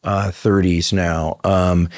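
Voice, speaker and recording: A man's voice: deep voice, flat delivery, slow pace, no room sound, studio quality. A man in his fifties hosting an interview, talking casually with restarts and blunt opinions. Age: 50s. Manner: talkative, thinks aloud with restarts, blunt opinions. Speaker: podcast host.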